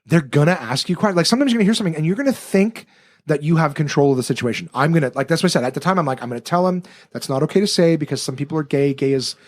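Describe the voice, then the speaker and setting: A man who is a comedian, telling a story on a podcast in casual chat, animated and swearing freely. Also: a little high, rapid-fire.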